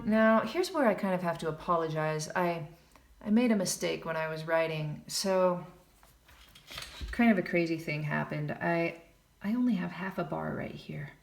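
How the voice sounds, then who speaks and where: A piano teacher gives a casual jazz piano lesson in a room with a piano, counting beats aloud, scatting lines, and making chatty self-deprecating asides. Her lowish voice is expressive and creaky, at a moderate pace. The room is echoey, with piano underneath.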